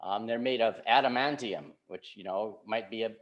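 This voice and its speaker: A man giving a sermon as a pastor, speaking informally and often checking in with a quick "right?". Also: fairly low pitch. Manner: informal, keeps asking "right?" to check in with listeners. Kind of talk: conversational sermon. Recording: dull lo-fi recording.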